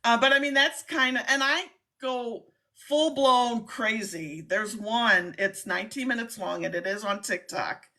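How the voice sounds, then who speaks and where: Middle-aged lady chatting on a livestream, excitable, bright voice with a gravelly edge. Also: on the high side, unhurried. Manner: chatty, excitable, laughs often. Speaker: host, scam baiter. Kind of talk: casual live-stream chat.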